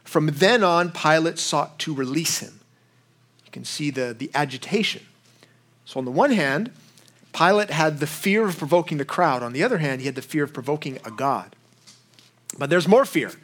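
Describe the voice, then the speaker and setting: Brief: young pastor, high-pitched voice, casual sermon delivery, acts out quotes. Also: male voice, animated, moderate pace, fairly bright tone. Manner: conversational, acts out quoted lines with rising voice.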